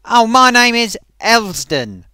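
A man's voice: very high-pitched, sing-song, a little slow, clear, resonant tone, dry recording, pitched above the performer's own voice, full character voice. Man putting on a gushing theatrical luvvie. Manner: showers everyone with "dear boy" and "darling"; loud, sing-song repetition of the host's name.

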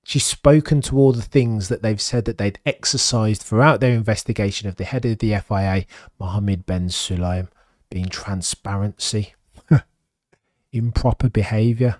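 Excitable man ranting on a livestream. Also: on the low side, moderate pace, no echo, clean studio sound. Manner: animated, exasperated, with frequent stammered restarts. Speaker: livestream host. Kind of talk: live-stream commentary reading chat.

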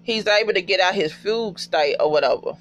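A man casually recapping a TV episode in a profane, emotional, animated storytelling way. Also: sits high, a little fast, soft background music.

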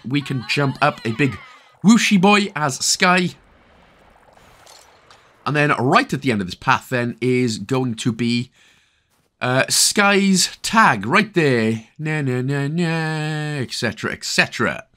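A Welsh man talks through a game walkthrough in a casual, joking way, drifting into rambling asides. His voice is bright and forceful. His pitch moves up and down a lot. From Wales. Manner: chatty, jokey, rambling asides. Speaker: gaming video host.

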